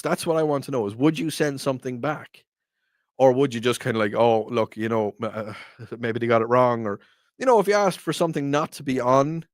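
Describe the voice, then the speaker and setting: A man's voice: on the high side, vocal fry, no echo, studio quality. Chatty man hosting a show. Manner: chatty, rambling storyteller with frequent repeats. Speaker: radio show host. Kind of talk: casual chat.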